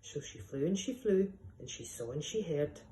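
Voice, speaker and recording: A woman, a teacher, reading a rhyming picture book aloud in a lively, sing-song way. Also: sits low, normal speed, slight background noise. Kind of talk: storybook read-aloud. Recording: echoey room.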